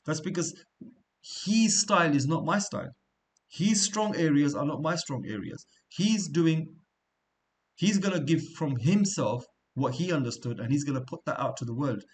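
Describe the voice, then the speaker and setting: A man's voice: a little high, expressive, normal speed. A middle-aged man teaching a class in an informal, conversational way, often checking in with "right?" and repeating himself as he talks. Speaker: seerah teacher.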